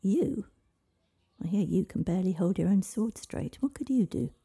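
Woman voicing a blustering medieval king, brusque, gravelly, husky, dark-toned. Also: deep voice, expressive, moderate pace, exaggerated voice. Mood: scoffing. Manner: brusque and scoffing.

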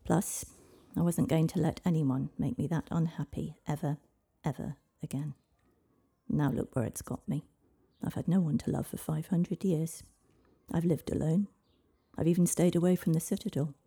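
A woman voicing an ancient, lonely male dragon who talks in a dry, world-weary way, in a husky storybook reading. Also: sits low, dark tone, exaggerated voice.

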